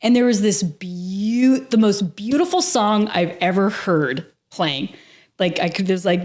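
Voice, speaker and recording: A woman with an animated, slightly mellow, medium-pitched voice speaks at a normal speed as a podcast guest. She tells a personal story casually, earnest and emotional, repeatedly saying "like."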